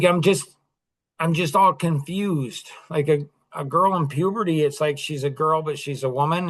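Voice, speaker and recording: An older man hosts a loose, casual podcast conversation. He rambles, leans heavily on fillers, and often breaks off and restarts his sentences. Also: on the high side. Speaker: podcast host.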